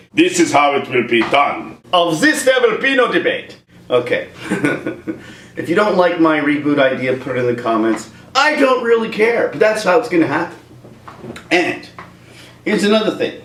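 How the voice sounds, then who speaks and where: A man rants through a movie review, joking as he goes. His voice sits a bit high and swings up and down with lots of energy. The sound is roomy and echoey, with the mic set a little away from him. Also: far from the mic. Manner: animated, joking rant. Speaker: YouTube comedian and reviewer.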